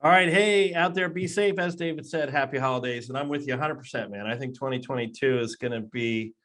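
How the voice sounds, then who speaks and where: A man's voice: medium pitch, fairly quick, a bit bright. A man from the Philadelphia area, a guest on a casual interview over a video call, friendly and upbeat with hesitant restarts. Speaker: guest from a hiring platform. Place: West Coast.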